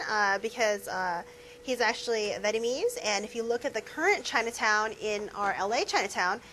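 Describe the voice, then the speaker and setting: A woman professor lectures her class in a fairly high, fairly bright voice, keeping it conversational, using many fillers and putting questions to the students. The recording is low quality with slight background noise.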